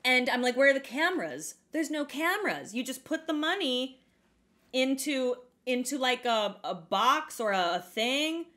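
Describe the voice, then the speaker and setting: A young adult woman co-hosting a podcast, telling a story in animated, sweary casual chat, full of "like" and acted-out quotes. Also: high voice, a little slow. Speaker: podcast co-host.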